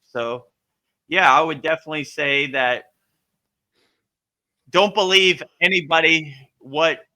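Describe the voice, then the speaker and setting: A man's voice: a little high, slow pace, pushed and bright. A man who teaches yoga, speaking in a loose, rambling and earnest way, answering a question in a casual spiritual talk. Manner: loose, rambling, full of "you know" and "like"; earnest and emphatic.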